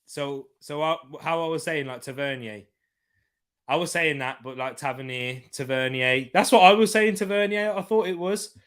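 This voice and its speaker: A man with a fairly high, fairly bright voice talks at a moderate pace while hosting a live football watchalong stream. He gives casual, rambling match commentary, repeats himself, and reads out comments from chat.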